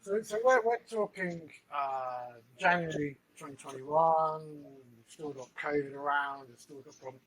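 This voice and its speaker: Male interview host, slightly higher pitch, rambling and casual. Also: measured pace, few pauses, a bit bright, rough recording. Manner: rambling, restarts questions.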